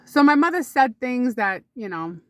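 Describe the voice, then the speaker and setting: A woman vlogging to camera, telling rambling casual stories about her mother with sudden high exclamations. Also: sing-song, measured pace, no room sound, studio quality.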